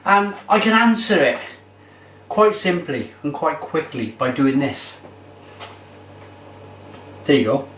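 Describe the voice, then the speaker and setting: A man's voice: on the high side, big pitch swings, slow pace, long pauses, a bit bright, slight background noise. A man giving a casual, enthusiastic beer tasting review. He rambles with fillers as he talks. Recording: roomy echo, mic far off.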